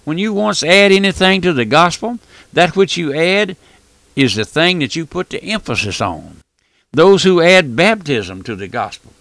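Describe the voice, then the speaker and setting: A man's voice: a little high, big pitch swings, moderate pace, a bit bright, dry recording. A man preaching a folksy radio sermon, emphatic and full of rhetorical questions.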